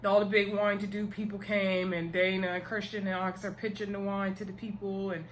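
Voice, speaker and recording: A woman's voice: mid-range voice, fairly quick, a little hiss or hum. Chatty woman recapping a TV episode. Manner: chatty, animated retelling with slang and playful asides. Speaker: TV episode reviewer.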